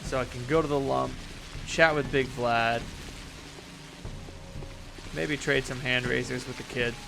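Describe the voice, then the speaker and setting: A man's voice: medium pitch, fairly even intonation, a little slow, vocal fry, noisy background. A man hosting a let's-play video, musing casually and joking while he plays. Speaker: gaming video host.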